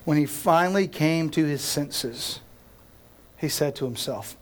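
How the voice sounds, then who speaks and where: A man preaching a sermon as pastor, telling a story in an animated way, acting out scenes and speaking straight to his listeners. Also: on the high side, measured pace, long pauses.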